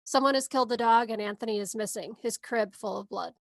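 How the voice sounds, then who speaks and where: A woman's voice: fairly high pitch, fast, no echo. A woman podcast co-host giving a movie synopsis in a casual, sarcastic way. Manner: sarcastic, wry asides.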